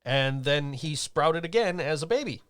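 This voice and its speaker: A man's voice: fairly high pitch, lively intonation, normal speed, fairly bright tone, clean tone. A man hosting a podcast, telling stories in a rambling, casual way with lots of fillers. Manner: rambling, chatty storytelling with many fillers. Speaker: podcast host. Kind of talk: casual chat.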